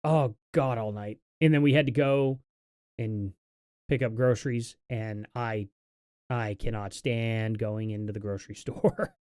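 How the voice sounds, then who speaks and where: A man's voice: fairly low pitch, steady tone, unhurried, darkish tone, clear, resonant tone, no room sound, clean studio sound. A young adult man hosting a casual live stream, talking in a tired, rambling, sarcastic way.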